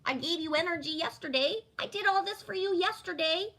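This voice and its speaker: A woman's voice: very high voice, brisk, bright, forceful tone, pitched above the performer's own voice. A woman voicing a resentful crow who nags about the energy it gave yesterday. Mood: complaining. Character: nagging, resentful crow demanding thanks.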